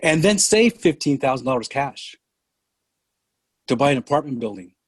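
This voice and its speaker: An older man from San Francisco speaking as a podcast guest, earnest and deliberate in a reflective conversation. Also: medium pitch, big pitch swings, slightly rough, dry recording. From San Francisco, California.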